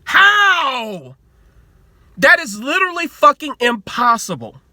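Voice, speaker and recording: Man, 20s, sports vlogger, heated rant, very high voice, dry close sound. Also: moderate pace, sharp tone, dry recording. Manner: heated, repetitive rhetorical questions, swears freely. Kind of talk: ranting sports commentary.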